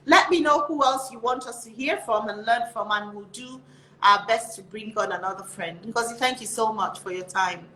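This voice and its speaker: A woman's voice: a little high, moderate pace, bright, forceful tone, slight background noise. A woman hosting an interview show, wrapping up with encouraging words to her viewers. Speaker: host. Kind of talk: casual interview chat. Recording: echoey room.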